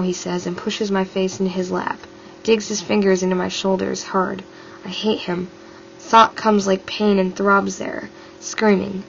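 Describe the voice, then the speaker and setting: A woman reading a novel aloud in a steady, subdued way as an amateur audiobook reader. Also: medium pitch, normal speed, creaky, slight background noise. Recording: dull lo-fi with faint music.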